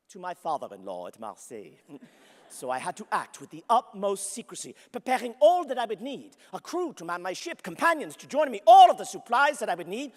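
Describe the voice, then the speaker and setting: This is theatrical first-person storytelling by a man whose voice sits high, a historical character interpreter portraying a fiery, flamboyant young French aristocrat. Before an audience in a large convention hall, he narrates his story with grandeur and frequent laughter, all wrapped in long reverb.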